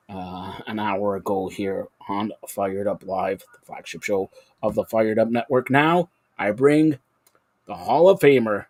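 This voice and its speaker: A man's voice: on the low side, dry recording, clean studio sound. A man hosting a live sports talk show, chatty and rambling like an announcer.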